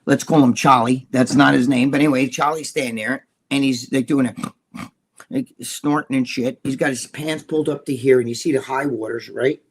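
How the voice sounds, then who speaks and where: An older man co-hosting a podcast, telling a story in a profane, animated way and laughing as he goes. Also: medium pitch, moderate pace, slightly rough. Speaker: podcast co-host. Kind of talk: casual storytelling chat.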